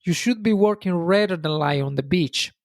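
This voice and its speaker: A man's voice: high-pitched, normal speed, no echo, studio quality, voice pushed up, lightly acted. A man voicing an impatient businessman who lectures and insists. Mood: lecturing. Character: pushy, impatient male businessman, growing angry.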